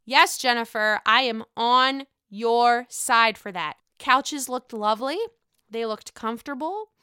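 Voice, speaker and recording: A talkative woman recaps reality TV episodes in a casual, profane way, calling the listener honey and bursting into excited asides. Her voice is bright, smooth and slightly high, recorded close and dry. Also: unhurried, no echo. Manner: chatty, profane, calls viewer honey; excitable outbursts.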